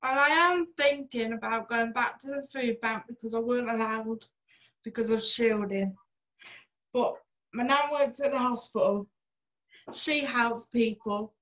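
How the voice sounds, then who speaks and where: A young woman answering interview questions in short, plain, unhurried sentences. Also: fairly high pitch, fairly bright tone, poor audio. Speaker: interview guest.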